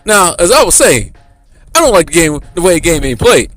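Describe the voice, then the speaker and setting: Guy doing a grumpy old basketball legend, loud and rambling, bragging, jumpy pitch. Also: sing-song, brisk, no echo. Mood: boastful ranting. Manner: loud, boastful, rambling rant. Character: grumpy older male basketball legend ranting on air.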